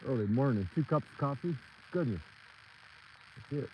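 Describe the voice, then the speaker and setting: A man's voice: mid-range voice, expressive, normal speed, lo-fi sound, background noise. A man out of breath, rambling in casual chat on a livestream as he walks outdoors and calls to his dogs. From Michigan. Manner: rambling, talks to his dogs between thoughts. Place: outdoors on a rural property edge.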